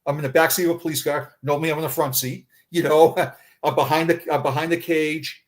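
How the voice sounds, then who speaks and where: A middle-aged man, a retired police officer, telling a personal story in conversation, halting and often repeating words. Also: a little high, steady tone.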